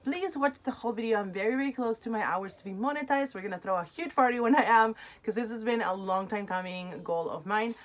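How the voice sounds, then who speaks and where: A woman's voice: a little high, fast talker, few pauses, poor audio. A woman with a non-native English accent hosting an unboxing vlog, chatty and effusive. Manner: chatty and effusive, easily moved. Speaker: unboxing channel host. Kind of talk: casual vlog chat.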